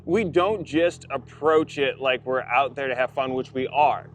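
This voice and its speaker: A man's voice: medium pitch, measured pace. A man co-hosting a casual podcast chat outdoors at a race track, talking earnestly and often saying "you know". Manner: earnest, repeats phrases, frequent "you know". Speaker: podcast co-host. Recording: faint outdoor noise at trackside.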